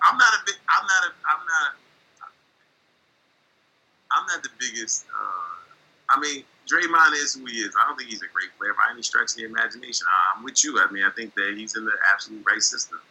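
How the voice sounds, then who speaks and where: Husky, bright-toned man teasing his co-host. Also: mid-range voice, expressive, brisk, rough recording. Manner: wry, teasing, hedging. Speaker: sports show co-host. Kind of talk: casual sports debate.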